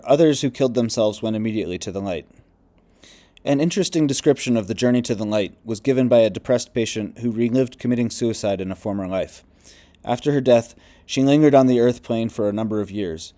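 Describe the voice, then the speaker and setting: A man reading a nonfiction book aloud in a measured, even narration. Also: medium pitch. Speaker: audiobook reader.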